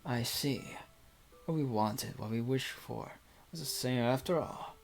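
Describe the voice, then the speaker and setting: A woman voicing an earnest teenage boy, speaking softly and deliberately in a visual novel reading. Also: very deep voice, creaky, soft background music, full character voice. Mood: tender. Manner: soft, quiet, deliberate.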